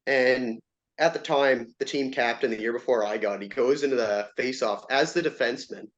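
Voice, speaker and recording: Animated storytelling man, dull lo-fi sound. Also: mid-range voice, moderate pace. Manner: animated, acts out quoted lines in raised voice. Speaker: interview guest, former player and coach. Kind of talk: casual storytelling.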